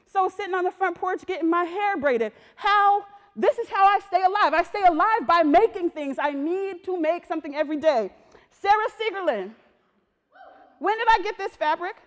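A woman's voice: extremely high pitch, moderate pace. Woman telling stories at a talk, casual slangy delivery, big echoey hall. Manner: lively, slangy storytelling that acts out voices. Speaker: visual and performance artist giving a talk. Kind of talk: personal storytelling talk. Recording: long reverb of a large hall.

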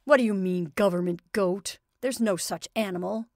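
A woman voicing a gruff, bitter, middle-aged working-class father who blusters and grumbles. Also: fairly low pitch, a little slow, a little mellow, dry recording, clean studio sound. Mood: indignant. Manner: surly, blustering.

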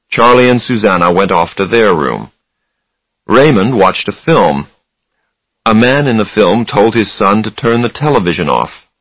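A man narrating a story for English learners in a slow, deliberate, expressive way. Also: lowish voice, no room sound, lo-fi sound.

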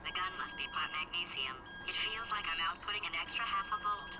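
A woman's voice: on the low side, a little fast, loud music behind the voice, natural voice. A woman voicing a sarcastic, scheming female computer AI stuck in a potato in a video game. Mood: sardonic. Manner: dry, sarcastic, cutting. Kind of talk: recorded game dialogue.

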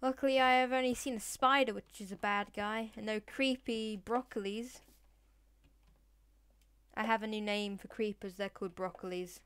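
A woman's voice: medium pitch, fairly even intonation, normal speed, fairly bright tone, smooth. A woman giving playful, chatty gameplay commentary, talking to in-game animals and dropping into whispered asides. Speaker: Let's Play gamer.

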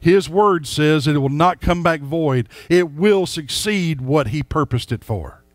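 Folksy pastor preaching. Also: male voice, fairly high pitch, lively intonation, measured pace, dry recording. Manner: folksy, emphatic, addresses the congregation directly. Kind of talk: sermon.

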